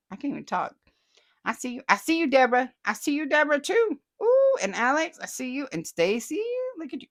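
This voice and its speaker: A woman's voice: high voice, sing-song, moderate pace. A chatty woman, hosting a casual vlog and reading viewer comments aloud with frequent laughter. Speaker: host.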